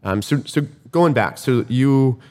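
A man's voice: medium pitch, a little slow. A man casually retelling a race to a friend, acting out what people said. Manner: animated retelling, acts out quoted lines. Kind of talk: casual storytelling chat. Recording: room with long reverb.

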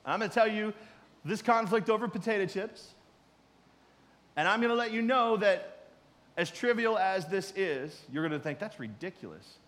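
High-voiced preacher man in a reverberant hall. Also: normal speed, pauses often. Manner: conversational preaching, swinging from loud emphasis to quiet asides. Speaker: pastor. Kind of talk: sermon.

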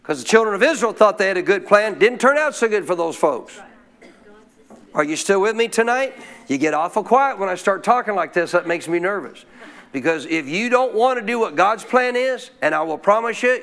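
A man with a high voice preaches a sermon to his church. He keeps calling out questions to the people in the pews, checking that they are still listening. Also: expressive, normal speed, a bit bright. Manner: calls out questions to the congregation. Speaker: pastor.

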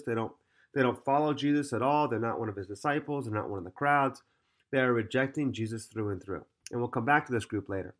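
A man teaching through a Bible passage as a podcast preacher, earnest, often pausing on fillers and restarting his phrases. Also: medium pitch.

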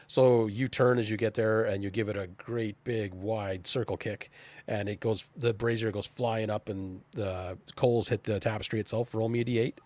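A man's voice: on the low side, fairly even intonation, moderate pace, a little mellow. A man narrating as game master of a tabletop role-playing game, casual and chatty, often restarting his sentences.

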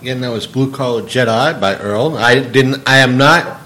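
A man's voice: mid-range voice, moderate pace, low-quality recording. A man hosting a podcast, bantering casually and then asking his guest about his work. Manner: relaxed joking banter before questions. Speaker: podcast host. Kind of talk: casual interview chat.

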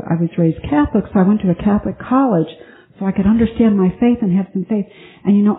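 Woman speaker, recovery-meeting share, earnest and halting, thin phone-like tape sound. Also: fairly low pitch. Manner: earnest, halting, with frequent restarts. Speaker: twelve-step speaker sharing her story. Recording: tinny phone-like conference tape.

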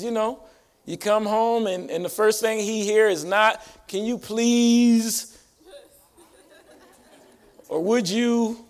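A pastor preaching a sermon to his church in call-and-response style. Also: high voice. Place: church sanctuary.

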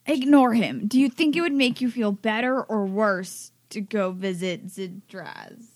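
A woman's voice: medium pitch, a little slow, dry recording, clean studio sound. A woman playing a tabletop game, joking and chatting in a giggly, self-deprecating way. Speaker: player. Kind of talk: casual tabletop game chat.

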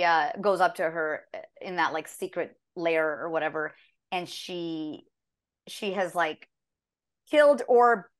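A woman voice actor chatting in an interview, animated and acting out bits of her lines as she talks, with a dry, sarcastic edge. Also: on the low side. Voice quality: can sound dry and sarcastic. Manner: animated, acts out lines mid-story. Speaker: voice actor guest. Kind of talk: casual interview chat.

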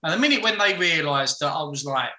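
A man tells stories in a loose, casual podcast chat, often stopping to restart his sentences. His voice sits a little high and sounds very bright. The room around him is echoey. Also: lively intonation, fast. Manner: frank, rambling storyteller with many restarts. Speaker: podcast guest.

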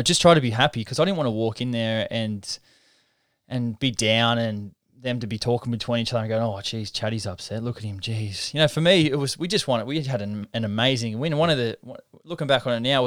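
Man, 30s, interview guest, earnest and reflective, smooth resonant voice. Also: medium pitch, fast, no echo, clean studio sound. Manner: reflective, earnest storytelling with frequent restarts. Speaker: interview guest, professional rugby league halfback. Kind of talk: casual interview conversation.

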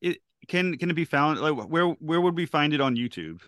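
Fast, bright-voiced male interviewer. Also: on the high side, expressive, dry recording, studio quality. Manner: effusive, enthusiastic questions. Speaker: interview host. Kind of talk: casual interview.

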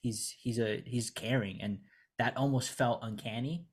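A man's voice: mid-range voice, normal speed, husky. A man co-hosting a casual comic book review chat, earnest and searching for his words as he praises.

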